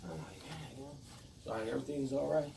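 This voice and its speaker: A man's voice: mid-range voice, fast, creaky. Man telling a rowdy story, far mic. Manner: profane, acts out quotes, swings loud and quiet. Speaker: storyteller among friends. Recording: echoey room, far from mic, noisy.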